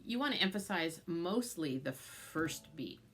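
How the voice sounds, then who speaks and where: A woman's voice: lowish voice, lively intonation, unhurried. A woman teaching a banjo tune step by step, explaining strings and frets patiently and chanting the picking rhythms. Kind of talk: instructional music lesson. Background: loud banjo playing.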